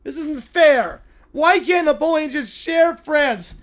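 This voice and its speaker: A man's voice: very high voice, expressive, takes it slowly, fairly bright tone, pitched above the performer's own voice, full character voice. A man voicing a whiny, spoiled little princess girl who demands and complains. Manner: whining, demanding.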